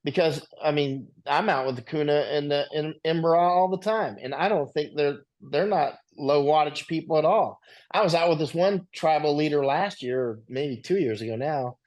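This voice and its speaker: A man with a slightly high, somewhat mellow voice talks at a moderate pace. He's a guest on an interview show, telling rambling, conversational stories and often checking in with "right?"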